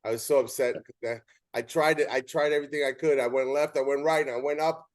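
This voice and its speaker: A man's voice: mid-range voice, fast talker. A man hosting an interview, an umpire who tells stories animatedly and acts out the dialogue. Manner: animated storytelling with quoted dialogue. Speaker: show host and umpire. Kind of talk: casual interview chat.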